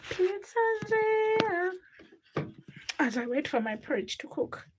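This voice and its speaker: A woman's voice: fairly high pitch, brisk, background noise. A young woman hosting a casual livestream, chatting with viewers and reading their comments aloud while she cooks. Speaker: livestream host.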